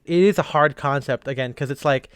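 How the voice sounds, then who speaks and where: Chatty man with a clear voice. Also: medium pitch, fairly quick, no echo. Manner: rambling, laughs often, lots of "like". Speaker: podcast co-host. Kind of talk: casual chat.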